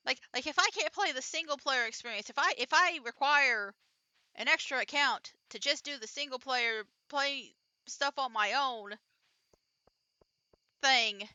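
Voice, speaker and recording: A woman's voice: on the high side, normal speed, sharp tone, clear, resonant tone, no echo. Chatty young-sounding woman streamer. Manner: rambling, chatty, with frequent fillers. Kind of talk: casual let's-play commentary.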